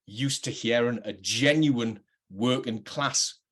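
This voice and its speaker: Speaking slowly in a mid-range voice that's fairly bright with a breathy edge, a middle-aged Geordie man reflects on his acting career to camera. His working-class North East English accent comes through as he hesitates earnestly and keeps restarting his sentences.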